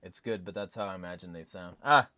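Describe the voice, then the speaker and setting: A man with a lowish voice chats loosely with his stream, reading comments aloud and swearing freely. The sound is dry and close-miked. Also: fast talker, pushed and bright, dry recording. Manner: laid-back, reads chat comments aloud, swears. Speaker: livestream host. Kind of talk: casual stream chat.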